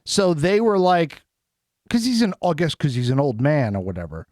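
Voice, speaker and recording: A man co-hosting a casual podcast chat, telling a story in an animated way and acting out what people said in a raised voice. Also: a little high, moderate pace, no room sound, clean studio sound. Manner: animated, acts out quotes in a raised voice. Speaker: podcast co-host. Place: studio.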